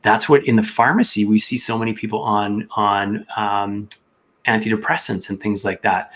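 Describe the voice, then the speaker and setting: Earnest low-voiced man, lo-fi sound. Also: fairly even intonation, moderate pace, a bit bright. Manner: earnest storytelling, reenacts his own inner voice. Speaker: podcast guest. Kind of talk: casual chat. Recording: dull lo-fi sound.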